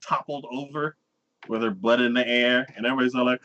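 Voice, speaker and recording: A man's voice: mid-range voice, steady tone, fast talker, pushed and bright. A man hosting a podcast, casually recapping an anime episode and acting out its characters in exaggerated voices. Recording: dull lo-fi podcast audio.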